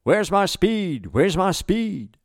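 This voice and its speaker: A man voicing a panicking male first officer in a diving plane, shouting in a high, strained voice. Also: big pitch swings, slow, no room sound, studio quality, full character voice. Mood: panicked shouting.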